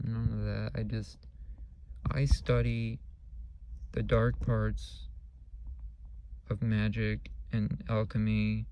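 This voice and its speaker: Brief male vlogger, mellow low-lit tone, monotone delivery, rambling and profane, faint hiss behind. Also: gravelly, low-quality recording. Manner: rambling, repetitive, profane, earnest. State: low on energy. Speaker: channel host. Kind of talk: casual spiritual vlog monologue.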